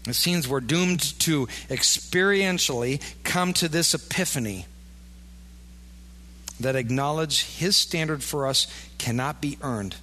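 A male pastor with a fairly high, sharp-toned voice preaches casually and conversationally at a measured pace, often acting out the imagined inner voices of his listeners. The recording has a long hall reverb.

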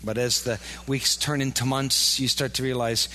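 A man's voice: medium pitch, flat delivery, normal speed, sharp tone. A man preaching a sermon in a casual, conversational way, often acting out the imagined inner voices of his listeners. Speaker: pastor. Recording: long hall reverb.

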